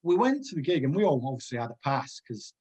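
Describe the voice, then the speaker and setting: A man's voice: a little high, very animated, fast, a little mellow, husky. A middle-aged man, a former footballer, chatting as a podcast guest and telling long rambling anecdotes full of restarts. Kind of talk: casual podcast chat.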